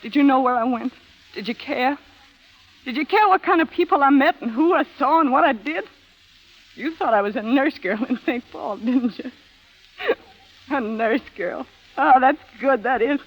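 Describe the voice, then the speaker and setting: Brief: tough young woman, very high voice, slangy and defiant, old-time radio drama. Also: moderate pace, long pauses, rough recording. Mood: bitter defiant. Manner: slangy, tough street talk. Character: hard-bitten young woman, bitter and defiant. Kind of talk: 1930s radio drama acting.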